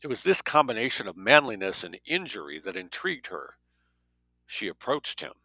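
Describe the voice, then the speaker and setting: A man narrating a story as an audiobook reader, with a steady, measured delivery. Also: mid-range voice, vocal fry, no echo, poor audio.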